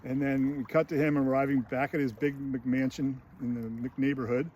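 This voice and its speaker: A man's voice: mid-range voice, fairly even intonation, moderate pace, a little mellow, muffled recording, a little hiss or hum. A man in a casual film critique, recounting scenes in a chatty way with many fillers and brief put-on voices. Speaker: screenwriting channel host.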